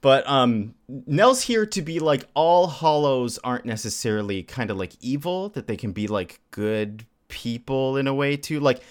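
Animated man recapping with laughs. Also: mid-range voice, moderate pace, few pauses. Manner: laughing often, lively recapping. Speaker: podcast host. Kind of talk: casual chat.

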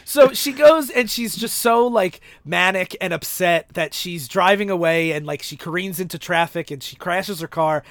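A man's voice: high voice, moderate pace, few pauses, fairly bright tone, no echo. A man on a casual podcast who retells comic book plots, laughing as he acts out the characters' lines. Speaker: podcast host.

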